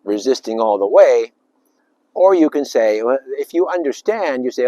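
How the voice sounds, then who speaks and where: A man giving an informal spiritual talk, rambling and emphatic, with sudden loud bursts and little acted-out voices. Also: mid-range voice, animated, fairly quick, dry recording, highs cut off. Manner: acts out little voices and sounds. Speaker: spiritual speaker.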